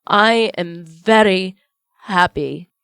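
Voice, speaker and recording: A woman's voice: mid-range voice, drawn-out words, creaky, a bit bright, clean tone, no room sound, clean studio sound, exaggerated voice. A woman reading aloud, voicing a humble, kindly father who speaks earnestly and tenderly to his family. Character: kindly humble father, gentle and warm-hearted.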